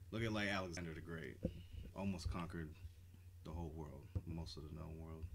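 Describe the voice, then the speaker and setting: A man co-hosting a podcast, chatting casually and swearing freely, getting animated when riled up. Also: sits low, creaky, noisy background. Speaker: podcast co-host. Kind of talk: casual chat.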